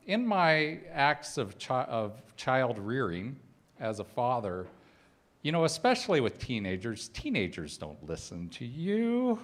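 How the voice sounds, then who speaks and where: Animated middle-aged man giving a talk. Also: medium pitch. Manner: conversational storytelling with humorous asides. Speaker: spiritual speaker. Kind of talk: personal sermon talk.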